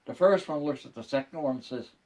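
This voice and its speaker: An older man, a grandfather, telling jokes in an unhurried, folksy storytelling way. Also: mid-range voice, darkish tone, far from the mic. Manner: unhurried, folksy joke delivery.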